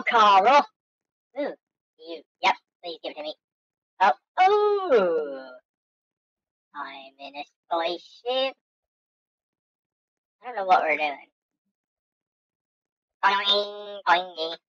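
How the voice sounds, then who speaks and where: Goofy, lively woman gamer, slow and bouncy. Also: mid-range voice, creaky, no echo. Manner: goofy, excitable, talks to herself, makes silly sound effects. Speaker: gaming channel host. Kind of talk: let's-play game commentary. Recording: dull lo-fi dry recording.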